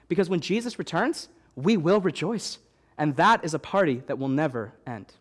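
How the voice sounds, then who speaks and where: A young man preaching a sermon as young adults pastor, animated and repeating key phrases for emphasis, with light joking asides. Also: high voice, normal speed. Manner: joking asides, stops to soothe a baby.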